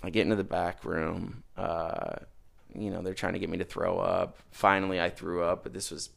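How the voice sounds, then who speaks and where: A young man with a low, gravelly voice telling a rambling story in a casual chat over beers in a garage. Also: moderate pace. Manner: rambling, animated, gets loud when telling the punchline. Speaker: podcast host telling a story.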